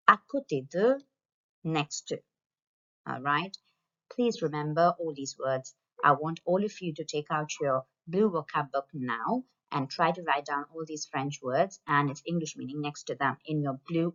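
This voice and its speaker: Low-voiced woman teaching a slow lesson. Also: muffled recording. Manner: slow, repeats phrases for pupils to copy. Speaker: French teacher. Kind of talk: recorded online lesson for pupils.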